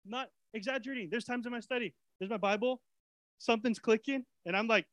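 A man with a high voice preaches a sermon, talking casually with fillers and repeats. He swings from hushed lines to excited, near-shouted bursts. The sound is close and dry, with little room echo. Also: fairly quick. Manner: animated, swings from soft to shouting. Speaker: pastor.

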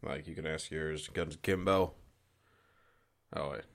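A young man co-hosting a casual podcast, relaxed and swearing, often trailing off mid-sentence. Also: rumbling low, takes it slowly, creaky. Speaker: podcast co-host. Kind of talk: casual banter.

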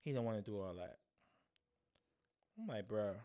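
A man's voice: on the low side, big pitch swings, normal speed, pauses often. A young man hosting a solo podcast, telling an embarrassing story in a casual, profane, slangy way. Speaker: podcast host.

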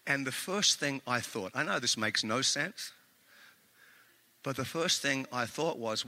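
A male pastor delivering a sermon with personal stories, an animated and self-mocking storyteller. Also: mid-range voice, a little slow, long reverb tail. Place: church sanctuary.

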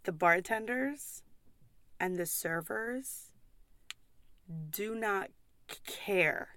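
A young woman from the United States who works as a pub server, ranting in a casual vlog with blunt swearing and quick apologies. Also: mid-range voice, fairly bright tone, smooth, no echo, studio quality.

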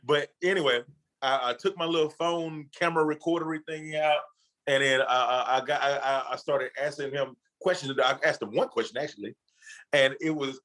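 A man's voice: mid-range voice, normal speed, low-quality recording. A man guest in a casual interview, telling a story in loose, profane street slang and acting out the people he quotes. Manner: animated storyteller, acts out quotes with laughs.

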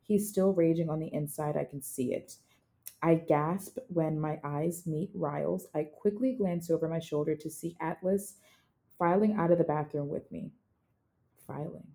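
Young woman, co-host, lowish mellow voice, chatty book talk that acts out the scenes. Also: normal speed. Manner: chatty, acts out scenes and reads passages aloud. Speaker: podcast co-host. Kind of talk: casual book chat.

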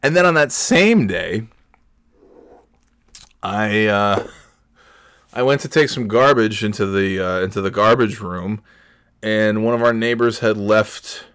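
A man hosting a podcast, telling a rambling story with exasperation, his voice jumping high when he rants. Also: a little slow, long pauses, a bit bright, smooth, dry recording, studio quality. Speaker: podcast host. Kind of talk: casual storytelling monologue.

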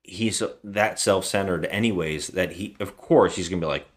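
A man's voice: low-pitched, sing-song, moderate pace. A man co-hosting a casual movie review chat, retelling the plot at length and acting out the characters' lines. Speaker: podcast co-host.

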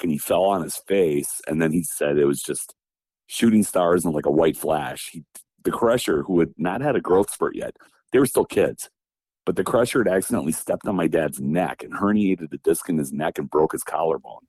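A man from Wisconsin, a former pro wrestler, telling old road stories as an interview guest. His voice sits very low and mellow. He acts out the people he quotes and laughs often, recorded close and dry. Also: lively intonation, normal speed, breathy edge, no echo. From Wisconsin, USA. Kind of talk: casual storytelling interview.

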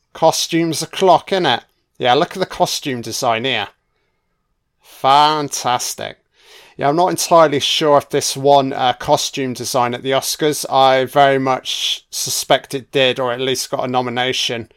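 A man's voice: mid-range voice, clear, resonant tone. A man giving a casual, crude audio commentary while watching a film. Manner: crude, chatty, sweary.

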